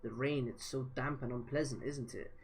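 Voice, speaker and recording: A man voicing a cruel older male ghoul investigator as he reads a novel aloud, in a slow, relishing, menacing manner with a husky voice. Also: mid-range voice, steady tone. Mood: gloating.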